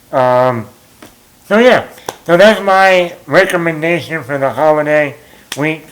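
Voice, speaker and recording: A man's voice: a little high, expressive, measured pace, long pauses, fairly bright tone, rough recording. A man chatting casually as a movie vlogger, telling a story in a rambling, self-mocking way with lots of fillers.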